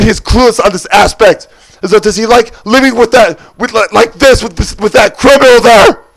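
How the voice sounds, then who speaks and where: A man in an agitated spoken monologue, shouting and wailing as he piles up repeated words and lists. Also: very high-pitched, poor audio.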